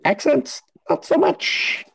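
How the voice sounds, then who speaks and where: A man's voice: slow pace, a bit bright, poor audio. A man hosting a podcast in casual chat, swearing and running himself down. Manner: swearing, self-deprecating. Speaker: podcast host.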